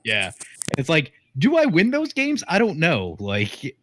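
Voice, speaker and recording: A man's voice: a little high, huge pitch swings, slow, fairly bright tone, a little hiss or hum. A man chatting casually during an online card game, explaining strategy at length. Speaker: commander player.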